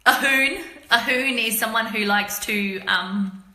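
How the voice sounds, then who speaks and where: A woman's voice: a little high, takes it slowly, bright, forceful tone, roomy sound. A middle-aged Australian woman chatting casually on a live stream, explaining local slang to viewers with laughs. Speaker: author hosting a live stream.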